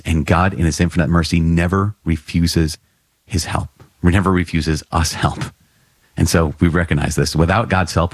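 A low-voiced man, a priest, gives an earnest spoken teaching and comes back to his phrases for emphasis. His voice is slightly husky. The recording is close and dry. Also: dry recording. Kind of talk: podcast teaching.

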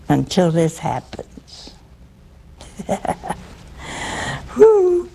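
Woman, preacher, conversational sermon, teasing humor, slow pace, gravelly voice. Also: deep voice, huge pitch swings, warm tone. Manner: teasing and humorous, asks listeners questions.

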